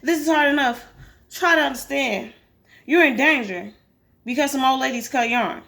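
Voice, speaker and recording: A woman's voice: high voice, normal speed, vocal fry, fairly bright tone. A woman voicing a frightened, protective mother who speaks in a tight, pleading way.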